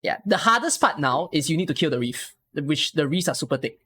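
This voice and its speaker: Lively man coaching a game. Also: a little high, a little fast. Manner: explains patiently with many rhetorical questions. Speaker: streamer coaching a viewer.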